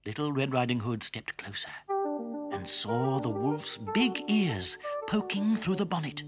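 A man reading a children's story aloud in a gentle, expressive narration. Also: mid-range voice, a little slow. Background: background music.

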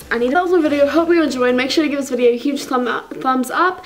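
A woman's voice: sits high, quick pace, few pauses. A woman vlogger giving a chatty, playful sign-off to her viewers, with faint music behind her. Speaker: vlogger host. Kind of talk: casual video outro.

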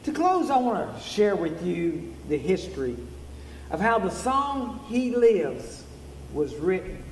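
Male pastor, earnest storyteller, high voice, long reverb, distant mic. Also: very animated, takes it slowly, slight background noise. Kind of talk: sermon. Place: church sanctuary. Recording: roomy hall from afar.

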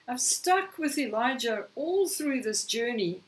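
A woman preaching a sermon, slightly hoarse, telling a scripture story and acting out the quoted lines. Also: on the high side, sing-song, a little slow, far from the mic, low-quality recording. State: slightly hoarse, clearing throat.

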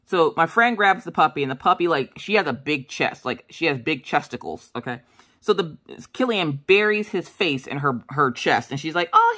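A middle-aged woman telling a personal story in a casual, animated way, acting out what people said. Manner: chatty, animated, acts out quotes in a high voice. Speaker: crafting vlogger.

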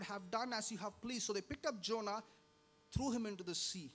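High-voiced, bright male preacher. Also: fairly quick. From India. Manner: dynamic preaching, swinging between loud emphasis and hushed drops. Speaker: pastor. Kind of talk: sermon.

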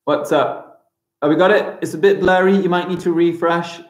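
A man's voice: high-pitched, fairly even intonation, normal speed. A man teaching a live-streamed primary school craft lesson, chatting as he narrates each step aloud. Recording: roomy echo.

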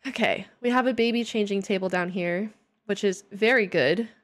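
A woman's voice: mid-range voice, normal speed. A young woman live-streaming at home, joking and self-deprecating as she plays and reads her chat aloud. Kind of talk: casual live-stream chat while playing.

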